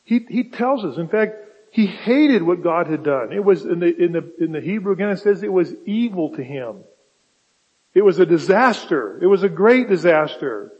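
A man preaches to his congregation in a conversational, emphatic way, often asking the room questions. His voice is husky and sits a little high for a man. The recording is dull and lo-fi, with a long reverb from the church sanctuary. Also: expressive, moderate pace. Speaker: pastor. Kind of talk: sermon.

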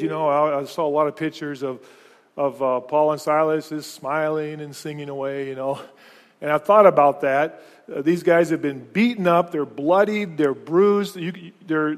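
A man preaching a sermon as pastor, speaking earnestly and often repeating words and restarting phrases. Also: fairly high pitch. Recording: long reverb of a large hall.

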